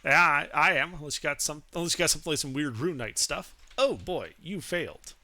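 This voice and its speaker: A man's voice: fairly high pitch, animated, a little fast, pushed and bright, no room sound. A man acting as dungeon master, calling out rolls and damage on a live stream. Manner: calls out rolls and damage, laughs easily. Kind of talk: running a tabletop game on a live stream.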